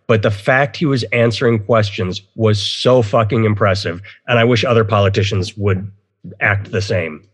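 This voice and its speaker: A man's voice: on the low side, normal speed. A man hosting a casual podcast, rambling opinionatedly and swearing freely. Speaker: podcast host. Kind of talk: casual chat.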